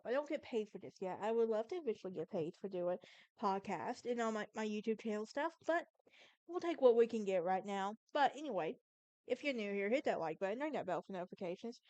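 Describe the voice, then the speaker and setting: Talking solo on her casual podcast, a young Alabama woman with a Southern accent rambles through a story in a mellow, slightly high voice. There's no echo, and she keeps stumbling and correcting herself in a chatty way.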